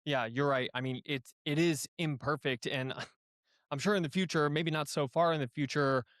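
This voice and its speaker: A man hosts a business podcast, answering his guest with steady agreement and turning over questions as he thinks aloud. His voice sits somewhat high for a man. The sound is dry and close to the mic. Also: normal speed, no room sound. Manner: frequent agreeing backchannels, musing questions. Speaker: podcast host. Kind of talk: casual interview conversation.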